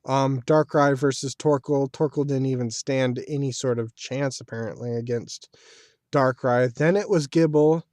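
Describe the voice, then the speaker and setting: A man's voice: medium pitch, steady tone, normal speed, a little mellow, no room sound, clean studio sound. A man giving casual solo commentary as a video creator, talking in a chatty, rambling way like a fan. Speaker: video creator reviewing an anime series.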